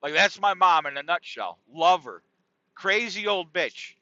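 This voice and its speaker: In a casual comic monologue on his podcast, a middle-aged host rambles and curses at a slightly slow pace. His voice is high, with lively intonation and a bright, forceful tone. No echo is present, and the audio sounds dull, dry and lo-fi.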